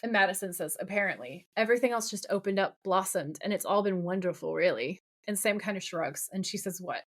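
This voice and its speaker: Speaking quickly at medium pitch with hardly any pauses, a woman co-hosts a podcast and goes over a TV episode casually. She quotes and performs the characters' lines in an animated way.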